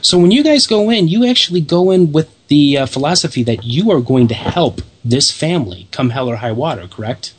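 A man's voice: a little high, lively intonation, brisk, hardly any pauses, husky. A man interviewing a guest, asking long, rambling, inquisitive questions in a casual manner.

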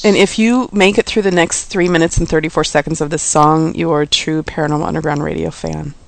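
A woman's voice: sits low, fairly even intonation, fast talker, vocal fry, no room sound. A woman co-hosting a radio show, chatting casually in a wry, teasing way.

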